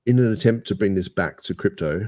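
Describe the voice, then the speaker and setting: An Australian man with a very low, deep voice chats casually on a podcast. He rambles and jokes at his own expense. The sound is close and dry, with no room around it. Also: brisk, a little mellow, no room sound. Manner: jokey, rambling, self-mocking. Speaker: podcast co-host. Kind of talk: casual banter.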